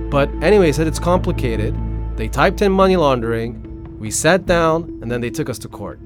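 A man's voice: mid-range voice, normal speed, over music. A man being interviewed, recounting events casually and animatedly acting out what others said. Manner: animated, acts out others' quotes. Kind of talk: casual storytelling.

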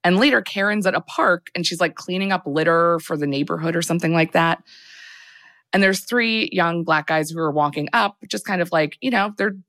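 A woman's voice: fairly low pitch, brisk, a bit bright, dry recording. A young adult woman casually recapping a film as a podcast host, rambling with lots of fillers.

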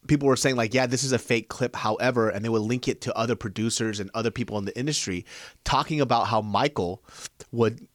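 A man's voice: mid-range voice, fast, no room sound, studio quality. A man co-hosting a podcast in casual chat, laid-back and freely swearing. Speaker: podcast co-host.

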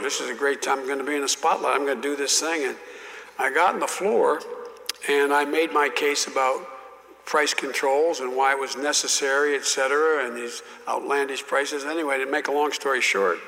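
A man's voice: medium pitch, vocal fry, pushed and bright, long reverb tail. An older man telling stories as an interview guest, with frequent restarts and repeated words. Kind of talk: storytelling in an interview.

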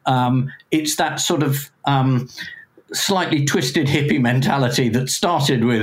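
A man's voice: mid-range voice, slow pace. A man, a guest on a podcast, speaking in casual interview chat, hesitant with many ums and dry wry asides. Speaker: podcast guest, magazine editor.

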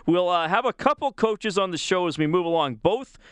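A man's voice: high-pitched, expressive, a little fast, fairly bright tone, clean tone, no room sound. A man hosting a sports talk radio show, chatting easily with a guest and reading out call-in details from the studio. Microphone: close studio microphone.

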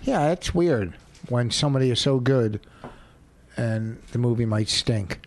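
A man's voice: medium pitch, unhurried. A middle-aged man co-hosting a podcast, needling his co-host in blunt, dry banter. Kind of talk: casual banter.

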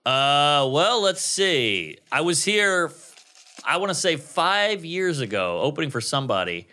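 A man from New Orleans, a guest comedian telling crude stories on a casual podcast in an animated, joking way. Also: unhurried. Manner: animated, crude joking, jumps into high put-on voices.

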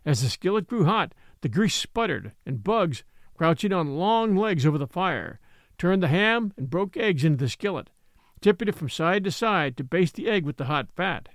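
A man narrating a literary short story in a measured, storytelling manner. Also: high-pitched, lively intonation, no room sound, studio quality.

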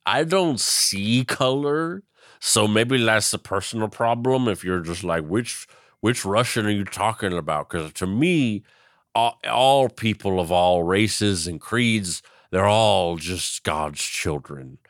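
A man's voice: on the low side, animated, slow pace, a bit bright, dry recording, clean studio sound. A man voicing a boastful, drunken older male president who rambles and brags while proudly clueless. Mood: self-righteous. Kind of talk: comedic impression.

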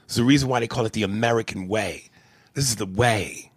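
A man's voice: fairly low pitch, a little fast, dry recording. A man co-hosting a casual movie chat, rambling and crude, joking and laughing often. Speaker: podcast co-host.

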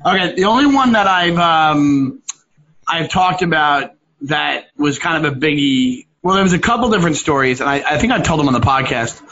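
Animated bright-voiced comedian telling stories. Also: male voice, normal speed. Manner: animated storyteller, acts out hecklers with loud swings in pitch. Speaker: stand-up comedian. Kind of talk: casual podcast chat over a video call. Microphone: video call. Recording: lo-fi call audio.

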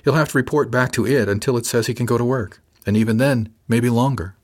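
A man voicing a shy, gentle woman ship officer who speaks softly and courteously, with quiet enthusiasm. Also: medium pitch, fast talker, close to an everyday voice. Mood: polite, brisk. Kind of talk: audiobook character voice.

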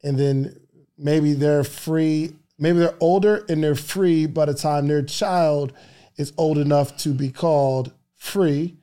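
A man hosting a podcast, musing in a slow, low register during a conversation. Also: fairly even intonation, mellow. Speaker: podcast host. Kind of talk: casual interview and ad read.

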